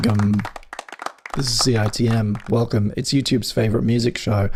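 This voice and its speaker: A man's voice: mid-range voice, fairly even intonation, moderate pace, noisy background. A man from the UK hosting a live music stream, chatting casually and playfully with his viewers in a rambling, teasing way. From United Kingdom.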